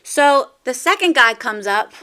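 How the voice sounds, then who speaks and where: A woman hosting a podcast, talking in an upbeat, encouraging way and telling a joke as an animated storyteller. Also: high-pitched, a little slow. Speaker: podcast host.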